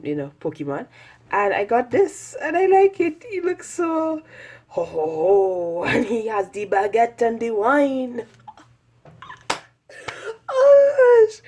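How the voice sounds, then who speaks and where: Woman, casual vlog narration, husky voice, rambling, self-deprecating. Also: medium pitch, darkish tone. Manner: chatty, rambling, self-mocking with frequent laughs. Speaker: artist vlogger. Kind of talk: casual sketchbook tour narration.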